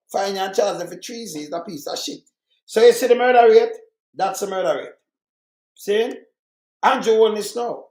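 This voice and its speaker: A man with a Jamaican accent hosting an angry political rant, reading out statistics, heated and repetitive, cursing and bursting into shouts. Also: high-pitched, echoey room. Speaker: channel host commenting on murder statistics.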